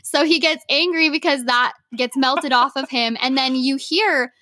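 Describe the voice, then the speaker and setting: A young adult woman co-hosting a podcast in casual chat, talkative and quick to laugh, with lots of "like". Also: high voice, pushed and bright. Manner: chatty, lots of "like", laughs easily. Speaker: podcast co-host.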